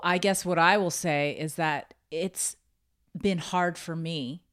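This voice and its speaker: A woman answers in a podcast chat, measured and gentle, hedging with small fillers. Her voice sits slightly low. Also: steady tone, smooth. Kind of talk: calm conversational reply.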